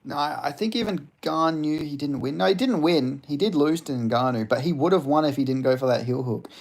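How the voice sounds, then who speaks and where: A man's voice: on the high side, fairly quick, a little mellow. A man casually chatting on a live stream, rambling and swearing while he answers chat questions. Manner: rambling, profane, reads chat aloud.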